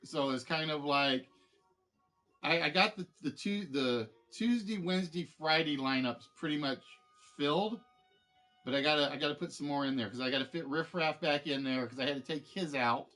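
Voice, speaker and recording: Rambling, fairly high-voiced streamer man. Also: normal speed, bright, forceful tone, faint music behind. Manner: rambling, many fillers and restarts. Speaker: game show streamer host. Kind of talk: casual chat with stream viewers.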